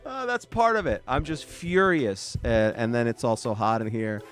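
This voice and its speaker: A man's voice: mid-range voice, animated, normal speed, soft background music. A sleepy man hosting a rambling late-night solo podcast from a small home studio, drifting off topic and ranting at himself. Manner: scattered, self-deprecating ranting. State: tired and sleepy. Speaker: podcast host.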